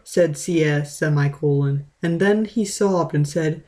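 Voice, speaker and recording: A woman reading a fan story aloud in a deadpan manner. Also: low-pitched, takes it slowly. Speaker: reader.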